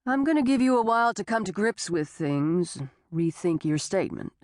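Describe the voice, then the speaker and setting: A woman voicing a doubting male sheriff who speaks in a measured, dismissive way. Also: mid-range voice, very animated, a little mellow, no echo, studio quality, lightly acted. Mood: skeptical. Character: skeptical, unhurried male small-town sheriff.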